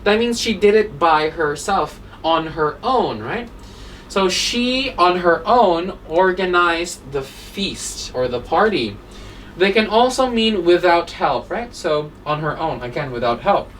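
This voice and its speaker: A woman's voice: lowish voice, expressive, slow. Woman teaching grammar, checking in constantly. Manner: explains step by step, tags nearly every point with "right?" or "okay?". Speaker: English teacher. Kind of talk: grammar lesson. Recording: voice a little distant from the mic, faint room hum.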